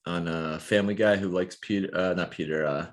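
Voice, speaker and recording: A man's voice: low voice, steady tone, brisk. A man, a physical therapist co-hosting a podcast, telling stories casually with lots of fillers and laughter. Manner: laughs a lot, rambling with many fillers.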